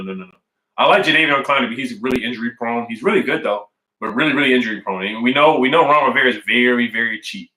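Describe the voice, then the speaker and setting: Bright-voiced man chatting on a stream. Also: on the low side, reverberant, low-quality recording. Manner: repetitive, emphatic, says "man" and "I really do" often. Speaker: sports fan streamer reading chat. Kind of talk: casual live-stream chat. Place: at home indoors.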